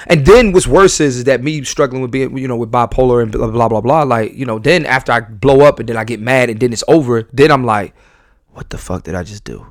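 A man's voice: a little fast, few pauses, no echo, studio quality. Emphatic man hosting a candid podcast. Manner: emphatic, repeats and restarts phrases; swings between loud bursts and low, quiet asides. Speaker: podcast host.

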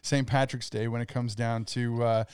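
A man's voice: mid-range voice, little pitch movement, moderate pace, darkish tone, smooth, no echo, clean studio sound. A man co-hosting a podcast in easy casual chat, laughing often. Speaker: podcast co-host.

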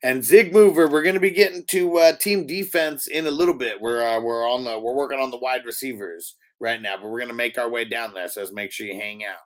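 A man's voice: mid-range voice, a little fast, few pauses. A man hosting a casual fantasy football chat, running the segment and reading roster stats. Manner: relaxed, runs the segment, reads stats. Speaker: host.

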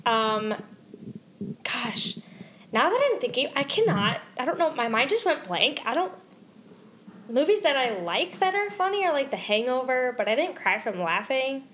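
A woman co-hosting a podcast in casual chat, reacting with gasps, quick exclamations and easy laughter. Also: high-pitched, very animated, a bit bright, slight background noise. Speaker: podcast co-host.

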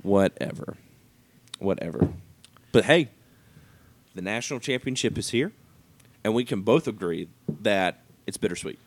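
Young male sports podcast co-host, lowish voice, laughs a lot, rambling opinions. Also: animated, unhurried, long pauses, a little hiss or hum. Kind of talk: casual sports chat.

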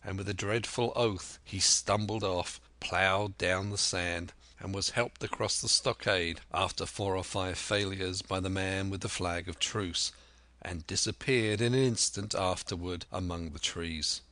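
A man narrates a classic adventure story in a deep, unhurried voice. His tone is bright and forceful, and the sound is dry and close-miked, like a studio audiobook. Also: steady tone, no room sound. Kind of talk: scripted narration.

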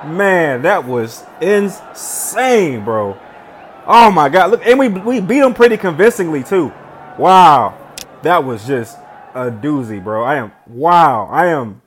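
Young male gaming host, slightly high voice, casual play-by-play, swings between shouted hype and low, calm commentary. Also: moderate pace, slight background noise. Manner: excitable, shouts and laughs at big plays, then settles into quiet reflective talk. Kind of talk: gameplay commentary.

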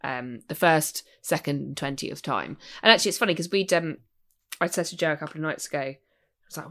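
A woman's voice: low-pitched, brisk, bright, forceful tone. A woman co-hosting a podcast in casual, chatty conversation, swearing now and then. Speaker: podcast co-host. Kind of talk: casual chat.

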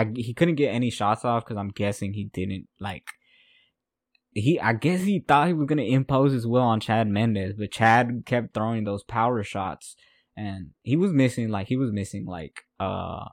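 Man, podcast host, casual fight recap, rambling and repetitive, lowish voice, dry sound. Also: no room sound. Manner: rambling, repeats himself, laughs at his own notes.

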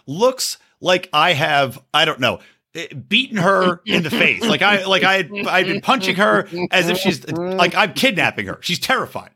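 A man in his thirties hosts a comedy podcast, spinning a story with big swings in pitch and a bright, tense edge. His voice sits fairly high and has a husky, breathy grain. He talks bluntly and swears freely. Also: normal speed. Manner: animated storyteller, profane and blunt. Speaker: podcast host. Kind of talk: casual comedy podcast banter.

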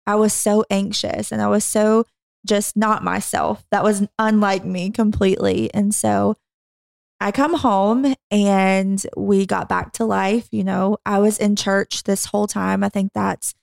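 A woman in her thirties co-hosting a podcast, telling her own story in a reflective, unhurried way with frequent pauses. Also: mid-range voice, flat delivery, creaky, a little mellow, no echo, studio quality. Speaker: podcast co-host. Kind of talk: candid personal testimony.

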